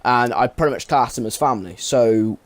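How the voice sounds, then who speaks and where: A man's voice: mid-range voice, brisk. A young man telling a story casually to camera, rambling, swearing often and leaning on filler words. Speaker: vlogger.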